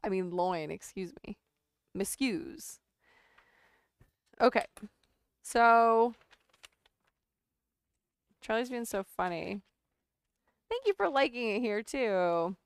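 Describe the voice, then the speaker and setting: Chatty woman with a smooth, lively voice. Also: medium pitch, slow, long pauses, dry recording, clean studio sound. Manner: chatty, laughs often, reads chat aloud. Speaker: sewing livestreamer. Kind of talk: casual livestream chat.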